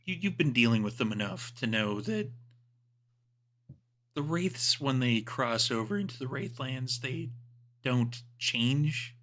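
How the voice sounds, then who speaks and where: A man's voice: medium pitch, animated, takes it slowly, bright, forceful tone, a little hiss or hum. A man narrating a tabletop game as game master, describing scenes in a loose, rambling way.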